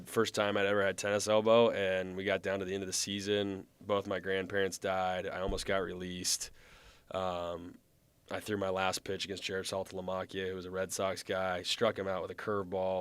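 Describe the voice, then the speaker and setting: A man in his thirties, a former baseball pitcher, telling his story in a relaxed, chatty way. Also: moderate pace, clear, resonant tone, no room sound. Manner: relaxed, chatty, acts out quoted lines. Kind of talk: casual storytelling.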